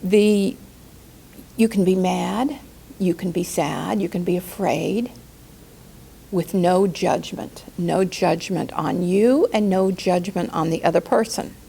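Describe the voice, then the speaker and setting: Gentle woman coach with gravelly fry. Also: a little hiss or hum. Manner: calm, gentle delivery with slow deliberate emphasis; acts out quoted outbursts in a higher, louder voice. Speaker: life coach. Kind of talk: spoken teaching talk.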